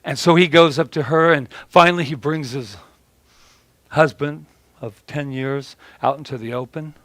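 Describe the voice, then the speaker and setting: A man's voice: fairly high pitch, steady tone, moderate pace, a bit bright, dry recording. Rambling male preacher with a dry sound. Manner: rambling, with many restarts and repeated words. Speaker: pastor. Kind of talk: sermon.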